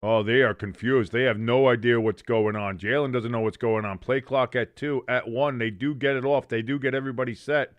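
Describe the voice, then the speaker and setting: Male watch-along host, mid-pitched, dry close mic, jokey self-correcting play-by-play. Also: steady tone, a little fast, hardly any pauses, dry recording, highs cut off. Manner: jokey, self-correcting, reads chat aloud. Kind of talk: live play-by-play commentary.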